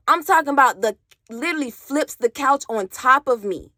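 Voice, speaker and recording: A woman's voice: high-pitched, lively intonation, normal speed, sharp tone, no room sound, studio quality. Emphatic woman telling a storytime to camera. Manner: emphatic, repeats "literally", swears freely; addresses viewers directly. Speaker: vlogger. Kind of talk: casual storytime monologue.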